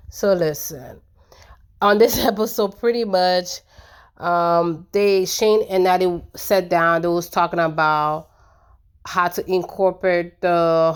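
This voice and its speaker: A woman's voice: fairly low pitch, smooth. A woman giving a casual, opinionated recap of a reality show, chatty and colloquial with lots of fillers.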